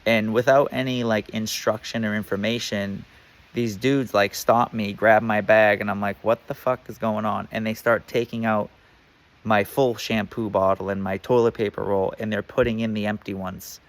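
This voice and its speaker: A man's voice: fairly low pitch, little pitch movement, normal speed. A man telling a personal story in a casual, rambling way, full of fillers and swearing.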